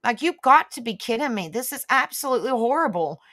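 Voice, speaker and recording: A woman's voice: fairly high pitch, animated, brisk, pushed and bright, dry recording, studio quality. A woman hosting a live stream, ranting indignantly and swearing as she talks straight to her viewers. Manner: indignant, rambling, swears freely; talks back to online comments. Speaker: livestream host.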